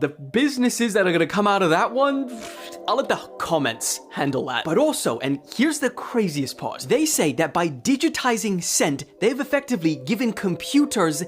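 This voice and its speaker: A woman in a short-video clip explaining news in a lively, excitable manner. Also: medium pitch. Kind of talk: short news-style commentary.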